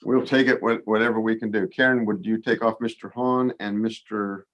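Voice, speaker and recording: A man's voice: on the low side, fairly even intonation, normal speed, a bit bright, slight background noise. A man chairing an online committee meeting over a video call, informal and joking, now and then unsure how to run it.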